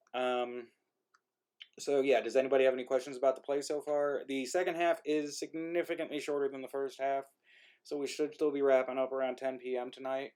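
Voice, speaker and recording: A man's voice: medium pitch, little pitch movement, normal speed, a little mellow, clean tone. Male writer-host, rambling and self-deprecating, chatting over a video call mic. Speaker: playwright and host of an online play reading. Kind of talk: casual chat on a video call.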